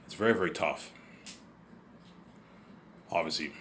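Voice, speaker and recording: A man's voice: very deep voice, measured pace, heavy background noise. A man vlogging in a rambling casual monologue, repeating himself, stumbling over words and swearing freely.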